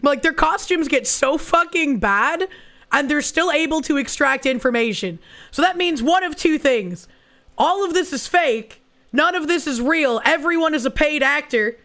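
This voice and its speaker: A woman's voice: high-pitched, animated, moderate pace, fairly bright tone. A young woman streamer giving casual, sarcastic commentary on a video, swearing and rambling as she goes.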